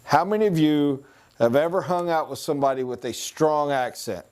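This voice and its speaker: A man with a mellow, warm voice leads a sales training class. He talks conversationally and acts out quick voices and accents as examples. Now and then he slows to write on a board. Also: on the high side. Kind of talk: recorded training lecture.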